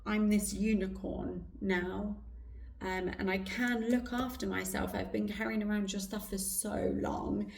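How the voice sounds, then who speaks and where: Slow, gravelly woman giving a card reading. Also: mid-range voice, fairly even intonation. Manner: slow, soft and reflective, with pauses. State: hoarse throat. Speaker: intuitive card reader. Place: indoor room with incense burning. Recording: roomy, distant mic.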